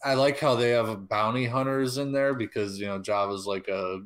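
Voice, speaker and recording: A man co-hosting a casual film discussion podcast, talking in a halting way with many fillers and restarts. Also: lowish voice. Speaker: podcast co-host.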